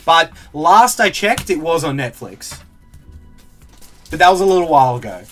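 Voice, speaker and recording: A man with a high, light voice chats away casually on a live stream while he opens card packs. He reads out viewer comments and laughs easily, with faint music playing behind him. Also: lively intonation, moderate pace. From Australia. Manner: chatty, laughs a lot, reads out chat comments.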